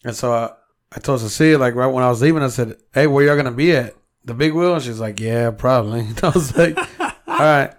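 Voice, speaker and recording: A man's voice: mid-range voice, fairly quick. A man co-hosting a podcast, telling a rambling story in casual chat and cursing often. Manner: storytelling, heavy swearing, quotes himself. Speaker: podcast co-host.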